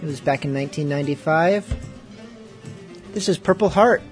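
A man's voice: on the high side, normal speed, faint music behind. A man hosting a pirate radio show, chatting loosely and offhandedly between songs after a few drinks of rum. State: has been drinking rum. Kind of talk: casual rambling talk.

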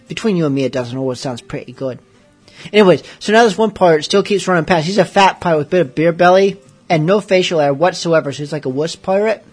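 A man's voice: fairly high pitch, a little fast, soft background music. Rambling man hosting a late-night show. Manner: rambling, joking asides. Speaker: radio show host.

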